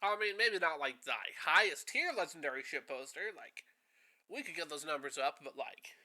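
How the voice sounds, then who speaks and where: A man hosting a live art stream, chatting casually with a nasal voice, excitable and quick to swear. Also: on the high side. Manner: excitable, swears freely, chuckles often. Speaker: stream host.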